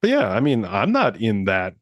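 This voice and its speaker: Low-voiced man rambling casually in his thirties. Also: wildly swooping pitch, normal speed, dry recording, dull audio. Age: 30s. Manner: rambling, swears freely, many fillers. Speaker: podcast co-host. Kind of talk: casual chat.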